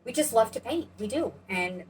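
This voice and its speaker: A woman's voice: fairly high pitch, animated, moderate pace. A woman co-hosting a painting channel, chatting in a bubbly, rambling way while she demonstrates paint pouring. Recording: distant mic with faint background noise.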